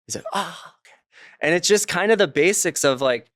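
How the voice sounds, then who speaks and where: A man's voice: high-pitched, animated, fairly quick, fairly bright tone, no room sound, clean studio sound. A man, an author, talking casually as a guest in an interview and telling anecdotes, slipping into the voices of the people he quotes.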